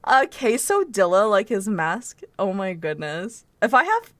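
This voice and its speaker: Playful streamer woman, giggly and chatty, lively up-and-down pitch, dry close mic. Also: measured pace, no room sound. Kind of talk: casual gameplay commentary.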